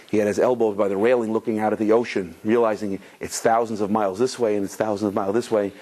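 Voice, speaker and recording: A rabbi with a fairly low voice delivers a Torah lecture to a live audience. He tells stories in a conversational way, often restarting his sentences and mixing Hebrew and Yiddish terms into his English. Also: a little mellow, breathy edge. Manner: storytelling with many restarts and quoted voices.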